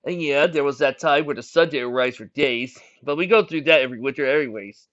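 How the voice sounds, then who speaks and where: A man's voice: medium pitch, a little fast, fairly bright tone, pitched above the performer's own voice, natural voice. A man voicing a cocky, easygoing young male pony who films everything, in a storybook reading. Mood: casual. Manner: cocky and casual. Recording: dull lo-fi recording.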